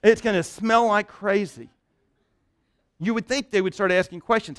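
A fairly high-voiced man preaching a sermon from a pulpit. He tells the story with rising energy and falls to a soft hush at the tender parts, often stumbling over repeated words. The sound is dry and close, with no room echo. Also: moderate pace, pauses often, smooth. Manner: animated storytelling, dropping to a hush for tender moments; repeats words and restarts while thinking aloud. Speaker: pastor.

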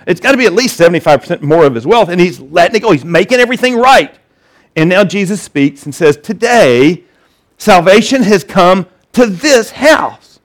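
A high-voiced male pastor preaching in a lively, conversational way. He acts out the voices in the story with animation, and he often stumbles and restarts his sentences. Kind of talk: sermon.

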